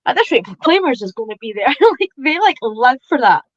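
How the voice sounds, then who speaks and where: A woman's voice: fairly high pitch, big pitch swings, a little fast. A woman with a Scottish accent chatting casually, rambling with lots of fillers. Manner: rambling, hedging with fillers, giggly. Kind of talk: casual chat. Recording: dry, muffled lo-fi audio.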